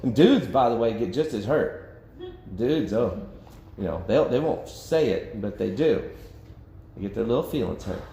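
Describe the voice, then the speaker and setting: A man's voice: medium pitch, animated, normal speed, warm tone. A man leading a church Bible study in a casual, conversational way, acting out quotes and laughing often. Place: church meeting room. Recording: echoey room with faint background noise.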